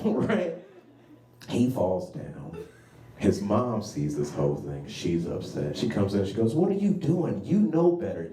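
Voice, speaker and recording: A male stand-up comic performing in a small club who tells his stories with lively swings in pitch. His voice sits low and mellow. The recording sounds roomy, and the mic is set back from him. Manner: animated storytelling with frequent "you know what I'm saying". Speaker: stand-up comedian. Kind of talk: stand-up comedy. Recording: echoey room, distant mic.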